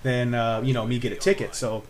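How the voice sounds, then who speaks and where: A man's voice: medium pitch, little pitch movement, a little fast, slight background noise. A man in his twenties tells a personal story to camera in a rambling, laid-back way, with lots of fillers and swearing. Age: 20s. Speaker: vlogger.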